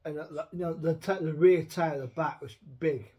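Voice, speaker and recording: A man talking in a casual, rambling rant. His voice sits high for a man. He is blunt and swears freely, often restarting his sentences. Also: fairly even intonation, normal speed, dark tone. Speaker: show host. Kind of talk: casual chat.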